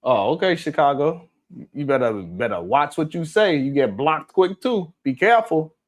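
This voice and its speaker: A man's voice: a little high, animated, normal speed. A man hosting a live stream, talking casually and heatedly, swearing often and calling out chat viewers by name. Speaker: live stream host reading viewer comments.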